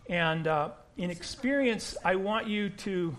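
A man's voice: sits high, slow, a bit bright. An American man preaching a sermon to his congregation in a conversational way, often restarting and repeating words as he goes. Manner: conversational, repeats words when starting sentences. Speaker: pastor.

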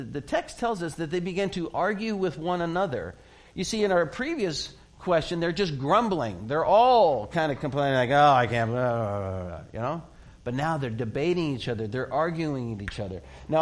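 A man's voice: on the high side, animated, a little fast. A man preaching a sermon as a pastor, in a conversational way, acting out quoted voices and often laughing.

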